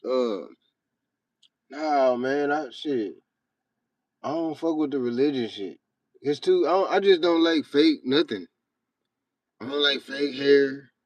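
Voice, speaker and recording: A man's voice: medium pitch, slow, pauses often, darkish tone, dry recording. A young man hosting a livestream, talking bluntly and profanely in a rambling, casual way to his chat. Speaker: livestream host.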